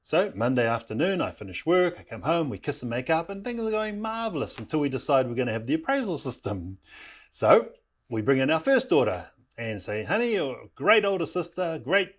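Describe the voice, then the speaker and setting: A man from New Zealand, middle-aged, telling a personal story to listeners of his parenting program. He is animated and acts out the people in it, and his voice sits at an ordinary middle pitch. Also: a little fast. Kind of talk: storytelling talk.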